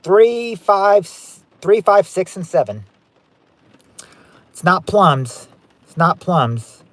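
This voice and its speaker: A fairly high-voiced man hosting a game night on a live stream, reading out guesses and ruling on them in a chatty, running patter. His voice sounds dry and close, with no room echo. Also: very animated, slow pace, a bit bright. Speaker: game show host.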